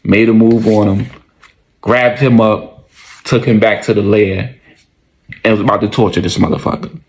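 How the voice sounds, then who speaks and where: A man's voice: on the low side, steady tone, normal speed. A man casually telling a story in slangy, profane speech, often repeating his lines for emphasis.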